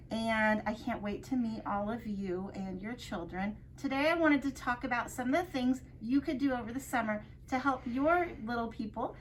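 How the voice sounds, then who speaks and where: A woman working as a kindergarten assistant, giving parents practical, warm advice. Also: fairly high pitch, slight background noise. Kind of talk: informational talk to parents.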